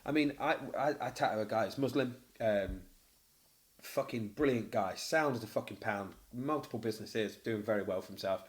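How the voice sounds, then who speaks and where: A man's voice: fairly low pitch, normal speed. A middle-aged man co-hosting a podcast, telling stories in a casual chat and swearing freely. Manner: animated storyteller, swears freely. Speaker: podcast co-host. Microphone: podcast microphone.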